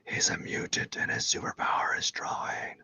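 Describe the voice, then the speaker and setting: A man's voice: moderate pace, bright, forceful tone, no room sound. A man putting on a whispered role-play of an awestruck online fan who gushes over an artist and despairs of his own work. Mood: awed despair. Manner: breathy, overwrought whispering.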